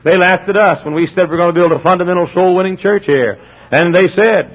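A middle-aged pastor, preaching emphatically and acting out little dialogues. His voice sits a bit high and sounds husky. The recording is dull and lo-fi. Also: fairly quick. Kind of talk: sermon.

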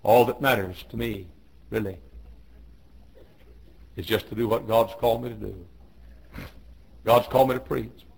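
A man in his fifties preaching a fiery sermon in a church, swinging from hushed low tones to shouted commands he hammers home again and again. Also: steady tone, unhurried, vocal fry, pauses often, slightly rough, low-quality recording. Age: 50s. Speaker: pastor. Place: church auditorium.

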